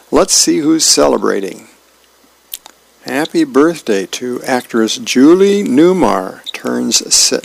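Volunteer radio reader, man, creaky voice, relaxed delivery, mid pitch. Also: no echo, rough recording. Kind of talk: reading comic strips aloud.

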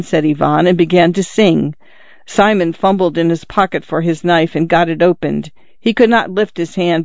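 A man reading a literary story aloud in a measured, steady way. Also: on the high side, dry recording. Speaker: narrator. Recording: dull, dry, slightly lo-fi recording.

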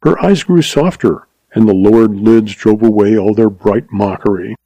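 A man narrating a story in a measured, expressive reading. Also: on the low side, dry recording, low-quality recording.

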